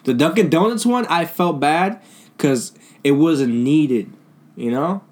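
A man's voice: fairly high pitch, takes it slowly, a little mellow. A young man chatting casually on a podcast, laid-back and profane, telling a story about a bad day out.

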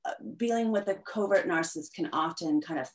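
A woman guest in a conversational interview, explaining at length in an animated way with frequent fillers. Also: on the low side, fairly quick.

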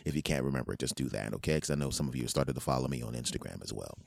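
Deep-voiced man in his forties, storytelling. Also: rapid-fire. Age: 40s. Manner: animated storyteller, swings into low smooth murmurs. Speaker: podcast host. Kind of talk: casual comic monologue.

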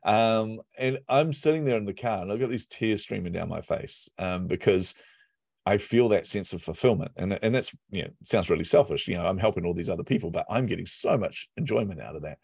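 A man who coaches business and marketing, chatting as a podcast guest from his office, telling animated stories and laughing often. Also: low-pitched, fairly quick, gravelly, slightly rough, dry recording, clean studio sound. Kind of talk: casual podcast conversation.

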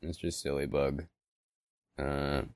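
Young man, casual banter, swears freely, deep low voice, dry close mic. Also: little pitch movement, slow pace, a little mellow, no room sound. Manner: laid-back, swearing, laughs easily. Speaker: co-host reading stories. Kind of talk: casual chat.

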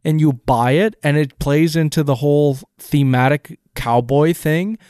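A man's voice: a little high, unhurried, darkish tone, clear, resonant tone, no echo, studio quality. A man co-hosting a casual podcast, picking apart a film scene with enthusiastic, rambling analysis and frequent restarts. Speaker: podcast co-host.

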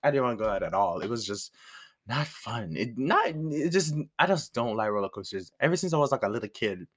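A young man casually telling a personal story, animated, laughing often and swearing freely. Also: mid-range voice, fairly quick, husky. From outside the United States.

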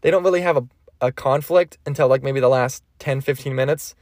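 A man's voice: medium pitch, a little fast, darkish tone, dry recording, clean studio sound. A young man hosting a casual solo podcast, rambling about movies with a lot of swearing and laughing at his own jokes. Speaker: podcast host.

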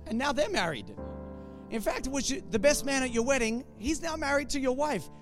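A man's voice: extremely high pitch, very animated, fairly quick, music in the background. A man voicing a blunt, tactless middle-aged father-in-law who speaks in an offhand, matter-of-fact way.

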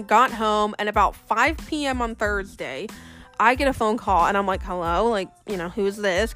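Young woman, higher voice, casual storyteller who acts out the people she quotes, faint music under her voice. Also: fairly bright tone. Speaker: vlogger.

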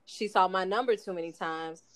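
A woman's voice: lowish voice, moderate pace. A woman co-hosting a podcast, talking in a blunt, self-deprecating way about her work. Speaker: podcast co-host. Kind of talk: casual chat.

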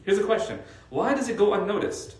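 A man with a high-sitting voice speaks a little fast in a reverberant space. He teaches Arabic and is giving a casual religious talk to a faith circle, telling animated stories packed with "like" fillers.

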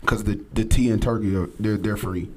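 A man's voice: lowish voice, brisk, slight background noise. A man as a guest cook on a talk show, casually listing ingredients and prices with plenty of ums. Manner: relaxed, lists items and prices with fillers. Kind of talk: casual radio chat, recipe rundown.

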